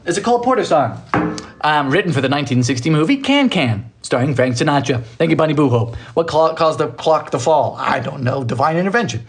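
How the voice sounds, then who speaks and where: A man's voice: big pitch swings, fairly quick, a little hiss or hum. British male baking host, playful, theatrical, swings his voice all over while reading comments. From Britain. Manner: playful, theatrical, jumps between high and low voices. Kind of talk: casual live-stream chat reading comments. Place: home kitchen.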